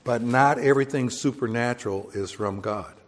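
A man with a mid-range voice preaches a Bible teaching sermon at normal speed, and his voice carries a big-room sound. His style is conversational: he explains with homely, everyday examples and uses many fillers and self-corrections along the way.

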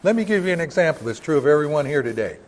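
A man's voice: on the high side, sing-song, racing. An older man preaching a Bible-teaching sermon in a church, talking conversationally and asking the congregation rhetorical questions. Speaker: pastor.

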